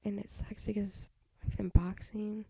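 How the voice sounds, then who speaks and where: A woman's voice: medium pitch, flat delivery, a little slow, gravelly, warm tone, breathy edge, no echo. A young woman hosting a solo podcast, tired and half-whispering as she rambles frankly through her thoughts with little sighs and laughs. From United States. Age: young adult. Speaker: podcast host. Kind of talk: casual solo podcast chat.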